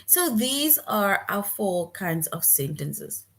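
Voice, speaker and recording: A woman's voice: mid-range voice, sing-song, slow, fairly bright tone. A woman teaching a grammar lesson to young children, patient and repeating her points, often checking in with "right?".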